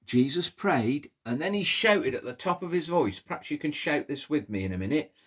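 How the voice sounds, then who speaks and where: A man telling a Bible story to toddlers in an animated, sing-song way, coaxing the children to pull faces. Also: fairly high pitch, normal speed, breathy edge.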